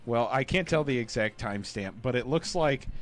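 A man's voice: medium pitch, expressive, normal speed. Radio co-host man over music. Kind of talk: casual on-air banter.

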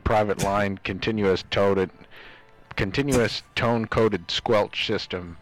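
A man on a radio show with a very deep voice and slow, deadpan delivery, reciting technical figures. Faint music sits underneath. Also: rough recording. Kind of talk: casual on-air banter.

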